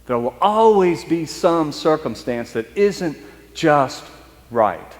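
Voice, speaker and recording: A man preaching a storytelling sermon, talking in a conversational, halting way and slowing down for emphasis. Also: a little high, animated, big-room sound. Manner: conversational, halting restarts, speeds up and slows for emphasis. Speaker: priest. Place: church.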